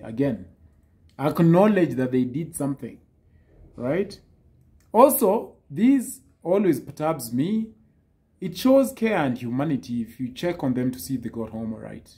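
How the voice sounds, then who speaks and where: Man, casual advice talk, mellow voice that swoops up and down, teasing delivery. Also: a little high, measured pace. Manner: lively, teasing, acts out quoted texts. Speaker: dating advice speaker.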